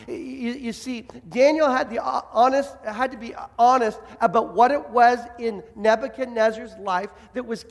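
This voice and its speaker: Male pastor, high voice, impassioned sermon, long hall reverb. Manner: impassioned, acts out quoted voices.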